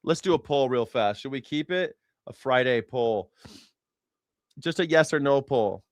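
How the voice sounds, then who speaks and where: A man's voice: medium pitch, lively intonation, measured pace, no echo. A man hosting a live news reaction show, talking casually in a rambling, profane way and correcting himself as he goes.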